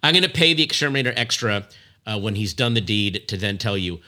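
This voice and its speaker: Joking man, bright low voice. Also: quick pace. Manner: animated, joking storyteller. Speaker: podcast co-host. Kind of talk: casual chat.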